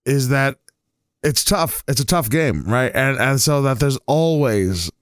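A man hosting a casual podcast, telling stories in a rambling, halting way with lots of fillers and restarts. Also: mid-range voice, lively intonation, clean tone, no room sound, clean studio sound. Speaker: podcast host.

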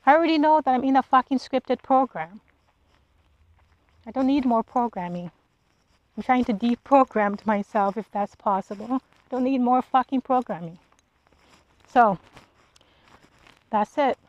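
A woman's voice: fairly high pitch, a little slow, long pauses, a little mellow, muffled recording. Blunt, profane woman ranting solo. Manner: blunt, profane, rhetorical questions. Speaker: podcast host. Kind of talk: solo monologue rant.

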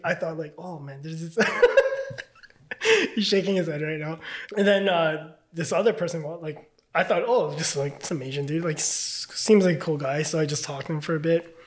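A man's voice: fairly high pitch, fairly quick. A man casually telling a story as a podcast guest, loose and chatty, full of fillers and swearing.

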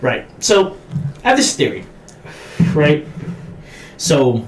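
A man co-hosting a podcast, talking casually about horror movies, swearing a lot and acting out scenes with sudden shouts. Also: a little high, takes it slowly, slight background noise. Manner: profane, animated storytelling with acted-out shouts. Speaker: podcast co-host.

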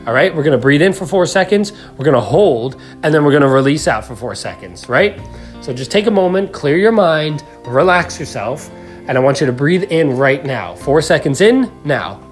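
A man's voice: fairly high pitch, expressive, moderate pace, faint music behind. Earnest man coaching listeners through stress. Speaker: podcast host. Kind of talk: motivational self-help talk.

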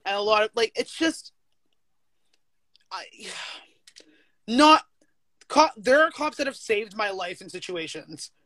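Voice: mid-range voice, big pitch swings, takes it slowly, long pauses, bright, forceful tone, no echo. A teacher as a guest in a casual chat, talking candidly with frequent swearing and filler words. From United States.

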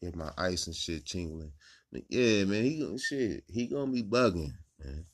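A low-voiced man hosting a podcast late at night at home. He rambles and swears freely in loose, animated talk, a little tipsy. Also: normal speed. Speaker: podcast host. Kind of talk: casual late-night chat.

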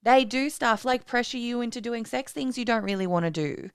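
A woman's voice: fairly high pitch, fairly quick, clean tone, dry recording, clean studio sound. A woman co-hosting a podcast, chatting casually with blunt, crude humour and heavy swearing. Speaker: podcast co-host. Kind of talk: casual chat.

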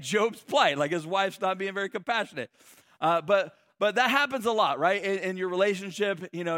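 A man's voice: high-pitched, fairly bright tone, no echo, clean studio sound. A man preaching a sermon in a loose, conversational way, joking and restarting his sentences often. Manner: conversational and humorous, many restarts and "like". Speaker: pastor.

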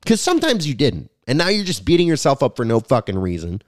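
A man hosting a comedy podcast, ranting in a crude, profane, rambling way with sudden loud outbursts. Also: medium pitch, huge pitch swings, fast talker, dry recording, clean studio sound. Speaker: podcast host.

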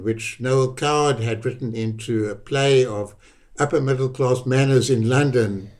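A man's voice: medium pitch, darkish tone. An older man with a South African accent, a guest telling a personal story in a reflective way and repeating words for emphasis. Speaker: interview guest.

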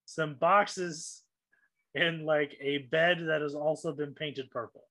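Male game master, high voice, dry close sound, relaxed deadpan narration. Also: slow, dry recording.

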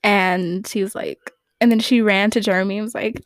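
A woman's voice: mid-range voice, steady tone, normal speed, dry recording. A woman hosting a podcast in casual fan recap chat, rambling, giggly and playfully opinionated. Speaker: podcast host.

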